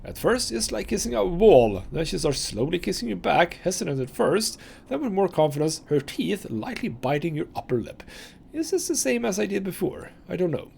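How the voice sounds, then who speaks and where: A man's voice: sits high, big pitch swings, normal speed, vocal fry, a little mellow, slight background noise. A man hosting a let's play, chatting casually and reading game text aloud into a desk microphone.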